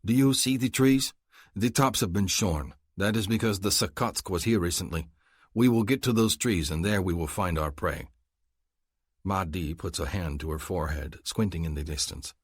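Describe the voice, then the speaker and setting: A man's voice: low voice, moderate pace, breathy edge, no room sound. A man narrating an audiobook in the first person, in an earnest, brooding way, close to a studio mic.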